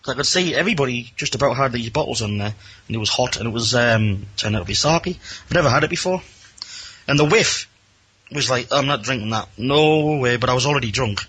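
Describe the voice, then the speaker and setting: Chatty Geordie man with a husky voice. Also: mid-range voice, expressive, quick pace, fairly bright tone. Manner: rambling, self-mocking storyteller who acts out other voices. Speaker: caller. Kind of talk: casual anecdote on a radio phone-in.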